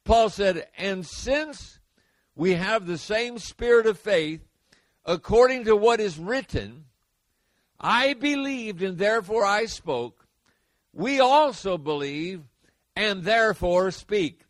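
Male preacher, sermon delivery, high voice, unhurried, emphatic repetition. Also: animated, no echo. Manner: emphatic, repeats key words, builds to forceful peaks.

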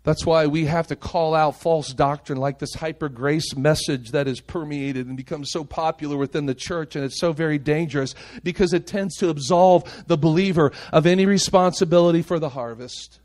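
A male pastor preaching a sermon with passion, moving between raised, urgent lines and quiet, hushed ones. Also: fairly high pitch, normal speed, hardly any pauses. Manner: impassioned preaching, swinging between loud and hushed.

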